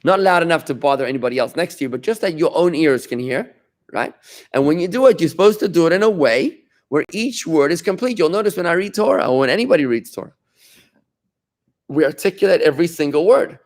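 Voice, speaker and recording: A man's voice: fairly high pitch, expressive, fast talker. A middle-aged man, a rabbi, teaching an informal Talmud lesson, explaining patiently, repeating phrases and turning to his students with chatty asides.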